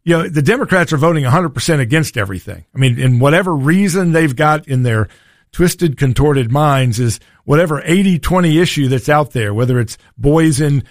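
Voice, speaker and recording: A man's voice: mid-range voice, no room sound, clean studio sound. A man hosting a political talk radio show, folksy and combative in his delivery. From Tennessee.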